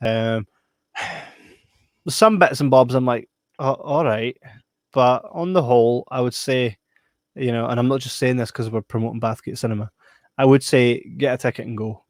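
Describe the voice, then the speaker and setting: A man's voice: mid-range voice, moderate pace, dry recording, clean studio sound. A Scottish man co-hosting a podcast, giving laid-back, blunt and playful opinions on a film. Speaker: podcast co-host. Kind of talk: casual film review chat.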